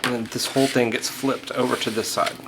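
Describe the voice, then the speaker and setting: Man, crafting tutorial host, casual and thinking aloud, gravelly voice, noisy recording. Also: mid-range voice. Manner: casual, thinking aloud, frequent okays and restarts. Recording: audible background noise.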